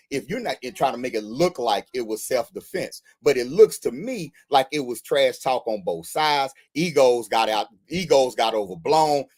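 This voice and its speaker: A man co-hosting a casual talk show, giving his take in a blunt, conversational way. His voice sits in an ordinary middle range for a man. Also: mid-range voice. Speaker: co-host.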